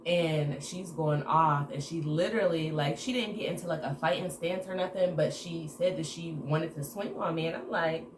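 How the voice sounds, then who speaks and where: A woman telling a casual story to her viewers in an animated way, acting out the dialogue. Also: deep voice, moderate pace, few pauses. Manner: animated retelling with acted-out quoted dialogue. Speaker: storytime vlogger. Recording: echoey room with background noise.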